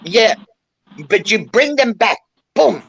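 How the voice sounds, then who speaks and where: A woman's voice: fairly high pitch, animated, slow pace, creaky, husky, dry recording. An older woman talking bluntly and emotionally in a casual chat, calling in to a show. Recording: dull lo-fi line.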